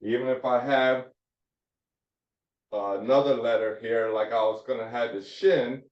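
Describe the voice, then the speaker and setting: A man's voice: medium pitch, steady tone, a little slow, recorded from a distance. A man teaching a Hebrew phonics lesson to a class, repeating each point and checking in with "all right?". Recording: dull echoey classroom recording.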